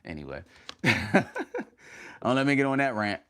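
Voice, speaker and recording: A man hosting a casual livestream, energetic and slangy, giving motivational talk in short punchy bursts and calling his viewers fam. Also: medium pitch, takes it slowly.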